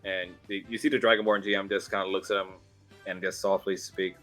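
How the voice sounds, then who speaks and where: A man running a tabletop game as game master, narrating loosely with frequent pauses. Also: deep voice, flat delivery, a bit bright, faint music behind. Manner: loose, halting narration with fillers.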